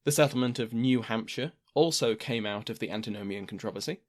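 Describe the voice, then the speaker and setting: A man hosting a history podcast, reading a scripted narration in a measured storytelling manner. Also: mid-range voice.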